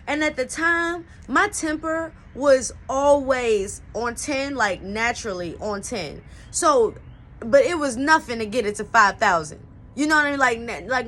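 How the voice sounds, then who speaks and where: A woman's voice: high voice, fairly bright tone, slight background noise. A young woman telling a personal story in a casual, slangy style, full of "like" and "you know what I'm saying.". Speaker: storyteller vlogger.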